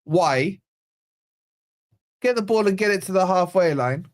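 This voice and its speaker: A man's voice: high-pitched, animated, unhurried. A man hosting a live football watch-along, blunt and sarcastic, venting about his team as the match plays out. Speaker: fan channel host.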